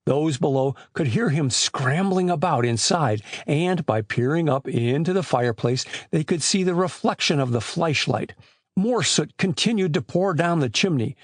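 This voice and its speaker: A man narrating an audiobook with expressive, scripted storytelling on a close mic. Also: fairly high pitch, normal speed, dry recording.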